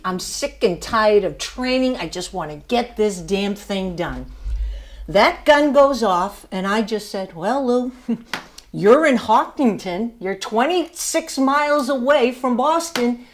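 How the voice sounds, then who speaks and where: Older woman, motivational class speech, slow deliberate delivery, storytelling, emphatic. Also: medium pitch. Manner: storytelling, emphatic, laughs at herself. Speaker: student speaker.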